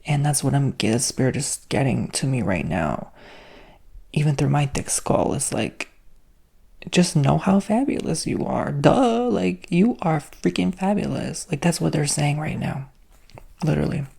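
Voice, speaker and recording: Husky, gravelly man in a sassy ASMR whisper. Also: on the high side, expressive, a little slow. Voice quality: soft whispery delivery. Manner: sassy, flamboyant, swears casually. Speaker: ASMR host and spiritual reader. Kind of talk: whispered ASMR spiritual talk.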